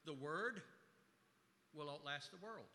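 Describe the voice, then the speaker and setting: A man preaching with a sharp, bright, slightly high voice, building to loud stressed words before falling to soft asides. His sermon echoes through a hall with a long reverb tail. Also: animated, slow pace, slight background noise. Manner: emphatic, swings between loud stresses and quiet asides. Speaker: pastor.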